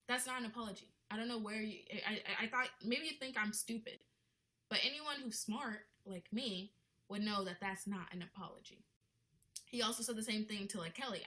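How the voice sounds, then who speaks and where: A woman's voice: fairly high pitch, expressive, brisk, bright, forceful tone, rough recording. A young woman ranting in a casual vlog, blunt and indignant, with lots of "like" in her talk. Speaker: vlogger.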